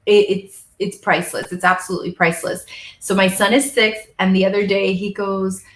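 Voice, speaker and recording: A woman's voice: mid-range voice, little pitch movement, fairly quick, roomy sound, poor audio. A woman guest in an interview, telling her story earnestly and getting emotional at times. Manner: emotional, tearful at moments, earnest. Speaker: national sales director, guest.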